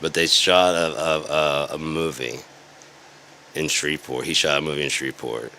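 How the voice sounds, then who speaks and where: A man's voice: extremely low pitch, fairly even intonation, normal speed, vocal fry, sharp tone, a little hiss or hum. A man ranting in a sarcastic, rambling and profane way, as an online commentator.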